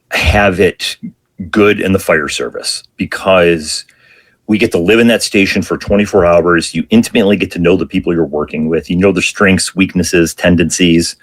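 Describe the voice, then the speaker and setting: Middle-aged man, fire captain guest, low voice, husky tone, reflective, pauses often. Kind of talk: storytelling interview answers.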